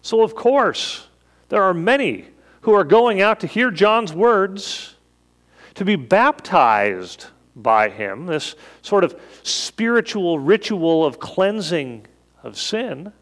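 A man delivers a sermon from the pulpit, his voice sitting high and swooping up and down. He takes his time, speaking in an easy, conversational way and posing questions to his listeners. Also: sing-song, takes it slowly, fairly bright tone. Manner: conversational preaching with rhetorical questions. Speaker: pastor.

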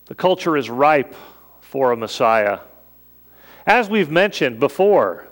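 A man preaching a sermon as a pastor, in a conversational way that leans on rhetorical questions. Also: a little high.

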